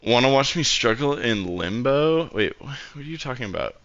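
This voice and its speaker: A man's voice: medium pitch, expressive, normal speed, a bit bright, no echo, muffled recording. A young man streaming, reviewing a match replay in casual commentary, blunt and frustrated, swearing freely.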